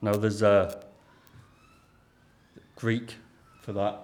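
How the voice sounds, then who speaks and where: A man from Lancashire, England, preaches a sermon extremely slowly in a fairly low voice with little pitch movement, speaking with a Lancashire accent. Earnest and plain-spoken, he sounds conversational and keeps directing questions back at those listening.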